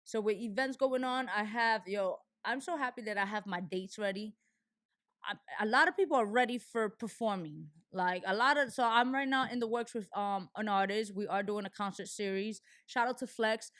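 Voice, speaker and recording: A woman's voice: medium pitch, normal speed, a bit bright, no room sound, studio quality. A young adult woman hosting a show, talking candidly and animatedly in a casual monologue, with frequent restarts and fillers. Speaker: show host.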